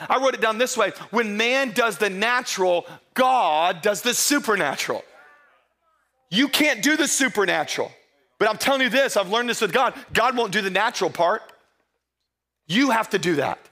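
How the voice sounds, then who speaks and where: High bright-voiced pastor, playful. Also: male voice, expressive, moderate pace. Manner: playful storytelling, acts out disciples in low hushed voices. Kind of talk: humorous sermon.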